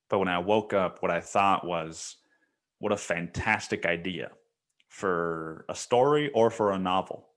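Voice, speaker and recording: A man's voice: lowish voice, a bit bright. A man hosting a solo podcast, recounting a dream in a casual, profane storytelling manner. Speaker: podcast host.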